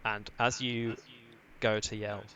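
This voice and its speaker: A man's voice: fairly low pitch, flat delivery, slow pace, a bit bright. A young man narrating as game master of a tabletop game, describing scenes hesitantly with many restarts.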